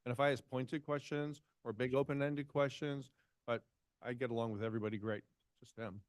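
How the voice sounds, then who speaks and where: Male commissioner, indignant, mocking tone, mid pitch, dry council-chamber sound. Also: fairly even intonation, a little fast, no room sound. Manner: indignant, sarcastic, quoting others. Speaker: village commissioner. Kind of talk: heated public meeting remarks.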